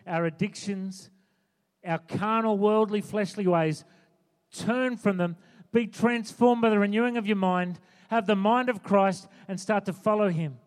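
A man preaching a sermon, fervent and urgent, driving his points home by repeating phrases. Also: sits high. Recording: long hall reverb.

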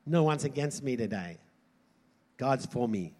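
A man preaching a sermon in an animated way, swinging from loud emphasis to quiet asides. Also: mid-range voice, unhurried. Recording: hall reverb.

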